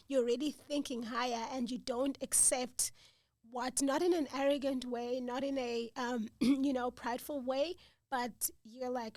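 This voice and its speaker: A woman's voice: sits high, no echo, studio quality. A woman hosting a podcast chat, enthusiastic and affirming, reacting with lots of exclamations. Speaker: podcast host. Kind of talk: casual chat.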